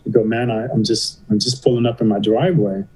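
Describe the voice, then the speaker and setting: The recording is rough, and the middle-aged man on it talks fast in a lowish, husky voice. As a podcast guest in a casual interview, he tells a story animatedly, voicing the dialogue himself and saying "you know" and "I go" a lot.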